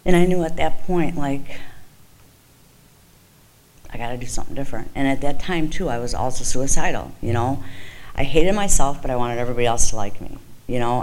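A woman's voice: a bass voice, darkish tone, slight background noise, low-quality recording. A woman telling her own recovery story in a frank, conversational way, with lots of "you know" and "like". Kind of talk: candid personal testimony.

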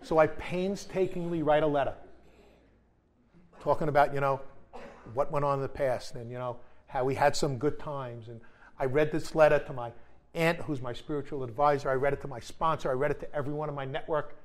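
A man's voice: fairly high pitch, fairly even intonation, fairly quick. A middle-aged man giving a candid personal testimony at a recovery meeting, wry and blunt, with the odd swear word. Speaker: speaker sharing at a recovery meeting.

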